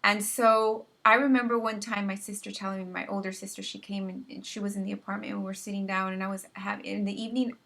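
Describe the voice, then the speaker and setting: A young woman with a bright, ringing voice recounts a hard time in her life. She talks in a casual, earnest way, often stopping and repeating words as she finds her thread. Her pitch sits in an ordinary middle range for a woman. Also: little pitch movement, vocal fry. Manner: earnest, halting, with many restarts and repeated words. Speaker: vlogger sharing personal story. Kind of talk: personal testimony, casual storytelling.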